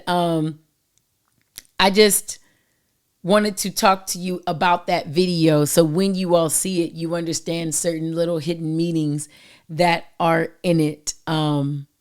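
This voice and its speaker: A woman hosting her own podcast, chatting casually with playful, animated asides and quick self-corrections. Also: fairly low pitch. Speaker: podcast host. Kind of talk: casual solo podcast talk.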